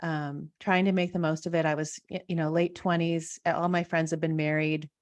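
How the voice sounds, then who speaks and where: A woman's voice: deep voice, flat delivery, brisk. A woman in her thirties hosting an interview, chatting personally with lots of fillers and restarts. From Washington state. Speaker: host. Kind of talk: casual conversational interview.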